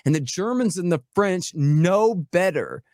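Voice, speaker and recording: A man's voice: sits high, animated, measured pace, a little mellow, no room sound, studio quality. A man speaking as a guest expert in a casual podcast conversation, rambling and sarcastic, swearing freely.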